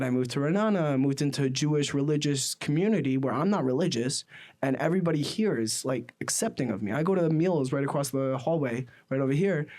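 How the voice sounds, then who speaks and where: A man in his twenties from the United States, hosting a casual podcast and telling stories in a rambling, animated way full of fillers. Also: medium pitch. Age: 20s. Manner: rambling and animated, with many fillers like "you know what I mean". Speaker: podcast host.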